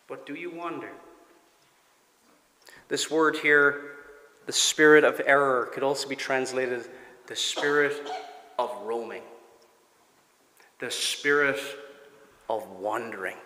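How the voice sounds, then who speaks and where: A man with a Cork Irish accent, preaching a sermon as pastor, earnest and sometimes dropping to a soft near-whisper. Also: mid-range voice, slow pace, long pauses, reverberant, big-room sound. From Cork, Ireland. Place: church sanctuary.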